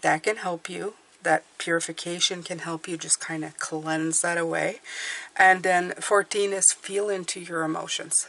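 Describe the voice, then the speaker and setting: A middle-aged woman with a slightly low voice gives a relaxed, conversational tarot reading. She reassures the listener often and talks in loose, chatty phrases, restarting sentences and checking in with "okay?" along the way. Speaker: tarot reader. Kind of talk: casual spoken tarot reading.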